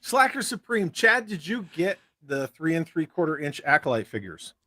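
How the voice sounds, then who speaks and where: A man's voice: fairly high pitch, sing-song, normal speed, pushed and bright, no room sound. A man co-hosting a casual livestream, chatting loosely with a lot of swearing and reading out chat comments. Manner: laid-back, profane, riffing.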